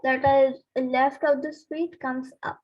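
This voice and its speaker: A woman's voice: high-pitched, little pitch movement, slow, highs cut off. A woman answering as a student in brief, tentative replies.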